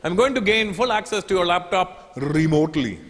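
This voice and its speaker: A man's voice: high voice, expressive, a little fast, a bit bright, voice pushed up. A man doing a smug call-centre agent with an Indian accent. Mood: smug gloating. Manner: polite, insistent, then smug and mocking. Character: fussy, gloating male call-centre agent. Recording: echoey hall with audience noise.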